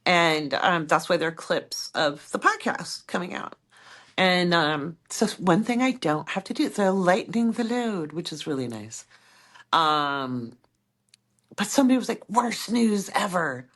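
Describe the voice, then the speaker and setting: A middle-aged woman co-hosting a podcast, chatting casually and rambling through stories in an animated way. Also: lowish voice, a little slow. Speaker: podcast co-host.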